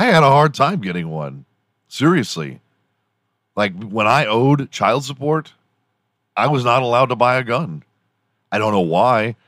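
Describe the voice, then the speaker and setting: A man's voice: sits low, fairly bright tone, no echo, studio quality. A man hosting a morning show alone, ranting casually in a loose, profane, rambling way. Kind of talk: casual solo rant.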